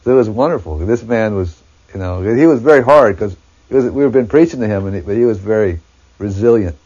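A man reminiscing about past events in a halting way, searching for words as he recalls them. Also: fairly low pitch, expressive, mellow, breathy edge. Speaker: devotee recounting memories. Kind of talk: reminiscing storytelling. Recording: dull lo-fi recording.

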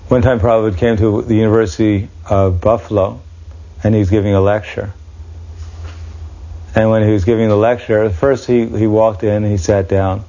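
A man's voice: lowish voice, little pitch movement, normal speed, mellow. A man recounting memories as anecdotes, building each story steadily to its punchline. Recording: dull lo-fi recording.

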